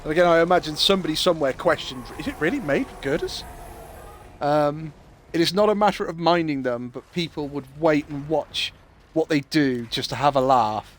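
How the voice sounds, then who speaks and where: A man's voice: a little high, a little fast. Chatty English man, faint hiss. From England. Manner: animated, swearing, banter-heavy storytelling. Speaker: streamer. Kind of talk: casual chat while gaming.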